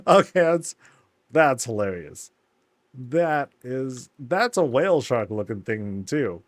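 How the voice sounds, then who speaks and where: A man giving laid-back, amused commentary while touring houses in a video game, often laughing and putting on quick silly voices. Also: medium pitch, big pitch swings, no echo. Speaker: streamer touring player housing in a game.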